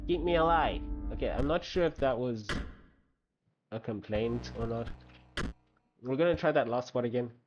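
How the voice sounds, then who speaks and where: A man streaming a card game, thinking aloud and reacting quickly in casual commentary. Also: medium pitch, muffled recording. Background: game music.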